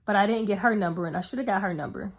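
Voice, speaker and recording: A woman's voice: mid-range voice, rapid-fire. Earnest young woman telling a heartfelt story. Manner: earnest, rambling, heavy with fillers; emotional, heartfelt retelling. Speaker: vlogger. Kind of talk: casual storytelling to camera.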